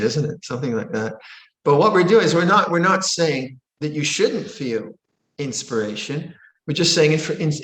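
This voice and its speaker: A man teaching as a monastic during a question-and-answer session on meditation. He talks gently and playfully and acts out moods with sudden high exclamations. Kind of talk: Dharma Q&A teaching. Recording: roomy echo.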